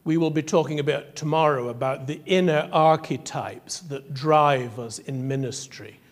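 A man speaking to clergy in a reflective sermon-style talk, wry and measured, telling anecdotes. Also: a little high. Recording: echoey hall from afar.

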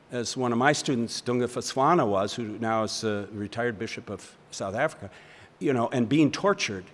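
A mid-range male voice carries big-room sound as an older seminary professor teaches a seminar in a lecture hall. Fielding audience questions, he speaks in a reflective, meandering way, full of restarts and chuckles.

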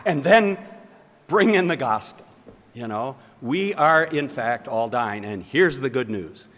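A man's voice: fairly high pitch, animated, a little slow, long reverb tail. An older man teaching a seminar, talking in a thoughtful, rambling way with restarts and chuckles. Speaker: seminary professor. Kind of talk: lecture with audience questions. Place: lecture hall.

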